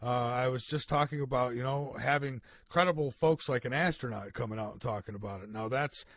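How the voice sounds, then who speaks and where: A man's voice: mid-range voice, brisk, fairly bright tone. A man hosting a talk radio show, easygoing and agreeable as he steers the interview. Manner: easygoing, agreeable, short replies. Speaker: radio host.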